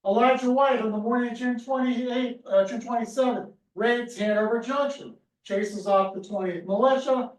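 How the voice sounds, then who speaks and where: A man giving a lively, storytelling history lecture to a room, sometimes acting out what people cried. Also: extremely high pitch, normal speed, hardly any pauses. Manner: storytelling, acts out crowd cries. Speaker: history speaker. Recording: echoey room from far off.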